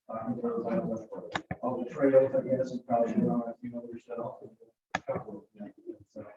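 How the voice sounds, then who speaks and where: A man's voice: medium pitch, little pitch movement, normal speed, slight background noise. A man rambling hesitantly at a meeting, trailing off between thoughts. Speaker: meeting member. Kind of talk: casual meeting talk. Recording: distant roomy dull meeting recording.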